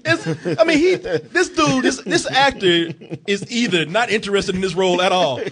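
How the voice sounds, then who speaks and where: A man casually reviewing a film with animated, profane banter, often laughing and acting out characters. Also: high voice, normal speed. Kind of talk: casual comedic movie review chat.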